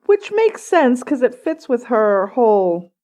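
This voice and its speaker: Podcast guest, woman, wry asides, mellow voice that moves around in pitch. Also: very animated, measured pace. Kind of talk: casual chat.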